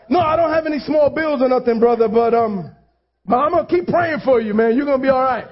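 A man's voice: very high voice, fast talker. A man preaching a sermon as a pastor, talking conversationally, with self-deprecating asides and repeated phrases for emphasis. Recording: dull lo-fi church recording.

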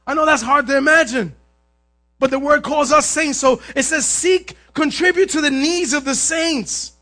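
A man pastor preaching a sermon to his congregation with high energy, often raising his voice to a shout and asking for an "amen.". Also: normal speed.

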